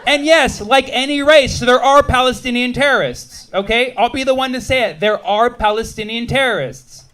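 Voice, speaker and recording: A man's voice: very high-pitched, moderate pace, a bit bright, clear, resonant tone. A man in his thirties doing stand-up comedy on a club stage, teasing the crowd with a punchy, wry delivery. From United States.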